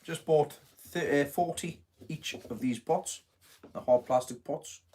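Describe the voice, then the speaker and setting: A man's voice: a little high, measured pace, a little mellow. A middle-aged man hosting a casual live stream, chatting in a rambling way, full of fillers and self-corrections. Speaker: host of a live gardening stream.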